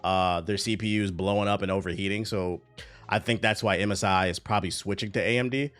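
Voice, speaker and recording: A man's voice: deep voice, steady tone, a little fast, a bit bright, soft background music. A man hosting a livestream, ranting bluntly and profanely in casual chat to his viewers, often breaking into laughter. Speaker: livestream host.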